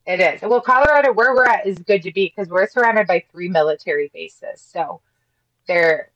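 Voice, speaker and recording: A woman's voice: fairly low pitch, moderate pace, fairly bright tone, dry recording, muffled recording. A woman from Ohio, a guest on a podcast, speaking earnestly and rambling, with frequent restarts. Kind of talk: casual interview chat.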